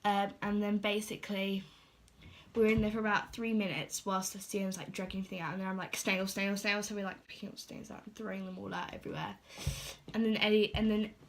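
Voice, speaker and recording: A woman's voice: medium pitch, flat delivery, a little fast. Teen girl doing a storytime vlog, loads of "like", acts out everyone's lines. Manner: chatty, filler-heavy storytelling with quoted dialogue.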